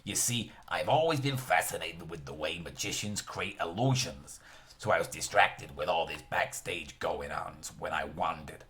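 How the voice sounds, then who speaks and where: A man's voice: low-pitched, moderate pace, a bit bright, a little hiss or hum, pitched below the performer's own voice. A man voicing a humble, rumpled middle-aged male police detective who is politely apologetic. His voice drops well below his own.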